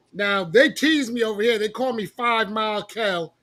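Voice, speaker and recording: A man's voice: high voice, measured pace, fairly bright tone. A man co-hosting a casual chat, telling self-mocking stories and swearing.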